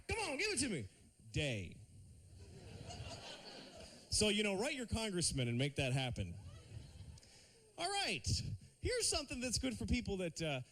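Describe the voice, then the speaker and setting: A man doing a stand-up routine on a TV studio stage, lively and slipping into silly put-on voices. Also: sits high. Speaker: stand-up comedian.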